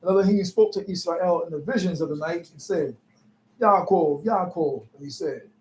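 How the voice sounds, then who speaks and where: A man in the congregation reading scripture aloud at a steady pace. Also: on the high side, normal speed. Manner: affirming interjections, steady reading. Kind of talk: call-and-response and scripture reading. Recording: echoey room with faint noise.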